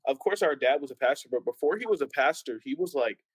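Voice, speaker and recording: A man's voice: medium pitch, fast talker, breathy edge, dry recording, low-quality recording. A young man and pastor's son telling stories in a casual panel chat, acting out the people he quotes. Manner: animated storyteller, acts out quoted voices.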